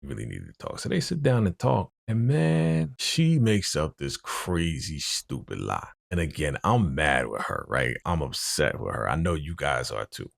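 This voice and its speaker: A man's voice: very deep voice, very animated, unhurried, creaky, few pauses, dry recording, studio quality. A man giving a casual recap of a TV episode, retelling scenes through quoted dialogue and speaking out plainly about what he dislikes. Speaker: TV recap vlogger.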